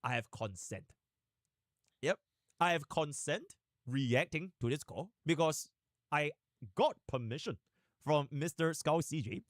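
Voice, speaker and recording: A man live streaming and chatting casually, animated and rambling, with sudden fast bursts. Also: a little high, no echo, clean studio sound.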